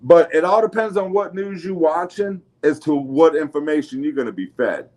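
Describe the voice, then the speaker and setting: Man, New Orleans accent, podcast host, fairly high voice, casual, swears, laughs a lot. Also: moderate pace, darkish tone. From New Orleans area. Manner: loose, laughing, swearing freely, restarts often.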